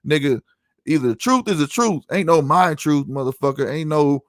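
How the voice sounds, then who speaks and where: Middle-aged man, podcast host, heated profane rant, slightly high voice, dry close sound. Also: normal speed, no echo. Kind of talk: heated solo livestream rant.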